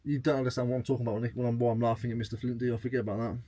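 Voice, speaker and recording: A man's voice: mid-range voice, flat delivery, rapid-fire, dark tone, no echo. A man chatting casually to camera as a reselling vlogger, joking as he goes through his sales. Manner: chatty and jokey, reading out sales.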